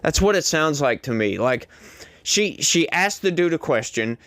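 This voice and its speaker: A man's voice: fairly high pitch, animated, unhurried, fairly bright tone, no room sound. A man giving a casual, sarcastic political commentary, rambling with lots of "like" and mock voices. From rural United States.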